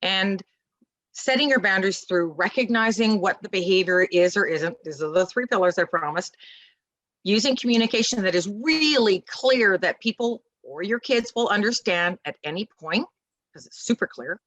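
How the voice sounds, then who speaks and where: A woman guest in a casual interview, talking about parenting in an animated, emphatic way and acting out little dialogues. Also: medium pitch, moderate pace, no echo, poor audio.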